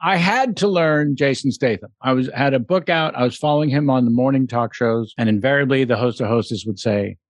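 A man's voice: mid-range voice, brisk, few pauses, no echo. Chatty male podcast host, dry close sound. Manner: chatty, playful, slips into impressions. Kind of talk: casual interview chat.

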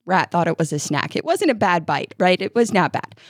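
A woman co-hosting a parenting podcast, telling stories in a lively way and laughing often. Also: lowish voice, fairly quick, no room sound, studio quality. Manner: animated storyteller, laughing often. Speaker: podcast co-host and mother. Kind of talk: casual chat and read ad.

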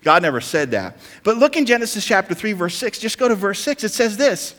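A man's voice: high-pitched, sing-song, fairly quick, a bit bright, in a large hall. A man preaching a sermon as pastor, building to emphatic, rising intensity.

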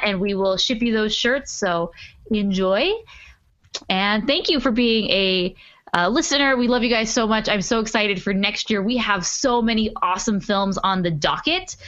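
A woman's voice: medium pitch, a bit bright, lo-fi sound. A woman hosting a podcast, chatting casually and upbeat with plenty of fillers. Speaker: podcast host.

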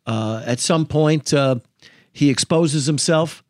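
A man, an attorney, recounting a case in a podcast interview, halting and full of filler sounds. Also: on the high side, no echo, clean studio sound.

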